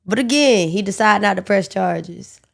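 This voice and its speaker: A woman's voice: mid-range voice, normal speed, vocal fry. A woman co-hosting a podcast, telling a true-crime story in a casual, slangy, profane way with joking asides. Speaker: podcast co-host.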